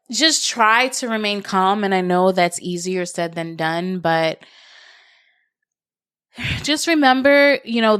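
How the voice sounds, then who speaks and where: A young adult woman hosting a solo podcast, giving earnest parenting advice in casual talk that gets animated when she tells stories. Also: on the low side, clean tone, no room sound, studio quality. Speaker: podcast host.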